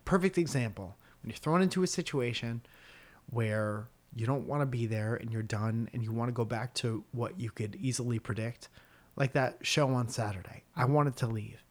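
A man with a mid-range voice co-hosts a relaxed podcast conversation. He rambles through joking, self-deprecating stories in the loose way of a stand-up comedian. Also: medium pitch, normal speed. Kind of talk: casual chat.

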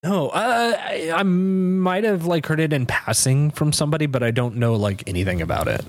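A man on a podcast rambles and swears, jumping in with quick reactions. His voice is a little high, and his pitch swings widely as he talks. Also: lively intonation. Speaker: podcast co-host. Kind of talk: casual chat.

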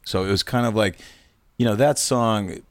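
A man's voice: on the low side, normal speed, dry recording. A musician guest, a man, telling band stories in a casual chat and acting out what others said. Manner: animated anecdotes, acts out quotes. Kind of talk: casual storytelling.

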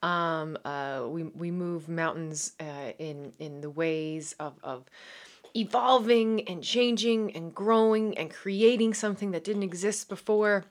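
A woman's voice: on the low side, slow pace. A woman in her thirties with a Newfoundland accent, hosting her podcast in a chatty, rambling way full of fillers and restarts. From Newfoundland, Canada. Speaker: podcast host. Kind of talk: casual chat.

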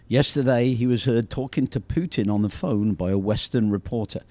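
A man's voice: medium pitch, moderate pace, warm tone, dry recording. A man co-hosting a coaching podcast, reading jokes aloud and teasing his co-hosts in a playful way. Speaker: podcast co-host.

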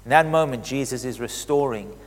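A man preaching a sermon, telling the scripture story with feeling. His voice sits at a middle pitch and swings between emphatic, raised moments and quiet, reflective ones. A long hall reverb trails each phrase. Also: fairly quick.

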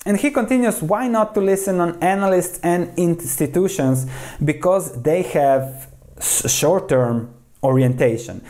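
Mellow-voiced man explaining investing. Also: on the high side. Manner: steady, explanatory, with frequent small restarts. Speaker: investing commentator. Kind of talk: explaining while reading quoted passages aloud.

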